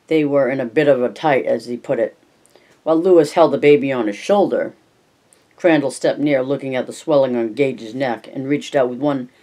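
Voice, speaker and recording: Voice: mid-range voice, darkish tone. An amateur audiobook narrator reading a novel aloud, often tripping over words and correcting them. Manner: stumbling, self-correcting reading.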